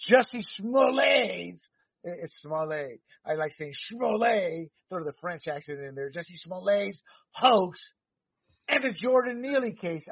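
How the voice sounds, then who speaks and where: A man's voice: sits high, a bit bright, no room sound, distant mic. A man who grew up in Panama, hosting a podcast and delivering heated, emphatic political commentary with the odd swear word. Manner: heated, emphatic ranting with profanity. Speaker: podcast host. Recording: dull lo-fi, dry, set back from mic.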